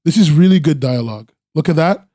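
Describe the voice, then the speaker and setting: A man's voice: on the high side, expressive, quick pace, warm tone, no echo. Chatty man rambling over comics. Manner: rambling, full of "like" and restarts, eager praise. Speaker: streamer reviewing webcomics. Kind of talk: casual live-stream commentary.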